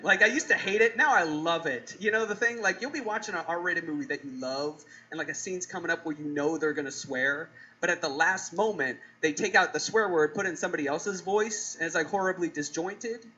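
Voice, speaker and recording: A man's voice: a little high, animated, brisk, bright, forceful tone, dull audio. A man doing a stand-up comedy set on a club stage, ranting loosely with plenty of swearing. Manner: loose, swearing, mock-outraged rants.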